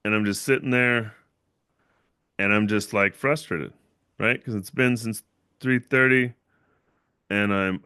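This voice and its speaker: A man's voice: fairly low pitch, fairly even intonation, slow, long pauses, sharp tone, smooth, no echo, clean studio sound. A young man hosting his own livestream, telling a long personal story in a rambling, casual way and tagging his sentences with "right?". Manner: rambling, repeats himself, fillers like "right?". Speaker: channel owner and livestream host.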